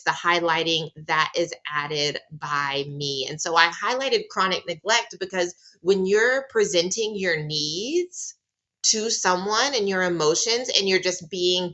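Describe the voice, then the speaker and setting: A woman's voice: lowish voice, pushed and bright, muffled recording. A woman giving a casual lecture, emphatic and repeating phrases for stress.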